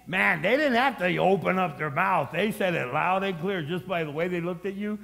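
A middle-aged male pastor preaches in a fairly high voice, repeating his phrases as he builds them up. The sound is recorded in a church hall, and a long reverb trails behind each line. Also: animated, moderate pace, vocal fry, few pauses, pushed and bright. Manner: repetitive, dramatic preaching. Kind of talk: sermon.

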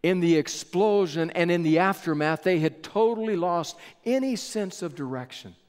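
A male pastor preaching a sermon in a measured storytelling style with dramatic pauses, in a large church sanctuary. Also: high-pitched, a little mellow, clear, resonant tone. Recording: echoey church hall with long reverb.

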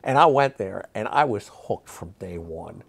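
A man in his sixties, a magic historian, telling stories in an interview, animated and rambling with many fillers and restarts. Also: sits low, measured pace, gravelly, breathy edge. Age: 60s. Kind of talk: interview storytelling.

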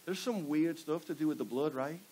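A man's voice: a little high, fairly quick, dark tone, husky, rough recording. A man preaching a sermon to a congregation, firing rhetorical questions and pushing for call-and-response answers. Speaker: pastor. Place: church before a live congregation.

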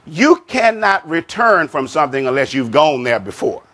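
A man preaching a sermon as pastor, slow and emphatic, repeating phrases and saying "amen" often. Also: fairly high pitch, very animated, a bit bright.

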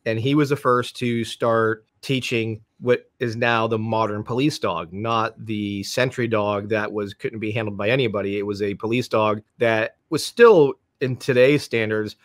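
A man's voice: lowish voice, steady tone, moderate pace, hardly any pauses, no room sound, studio quality. Man in his fifties telling stories. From Florida, United States. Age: 50s. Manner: rambling anecdotes, acts out quoted voices. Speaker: podcast guest, police dog trainer. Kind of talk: casual storytelling.

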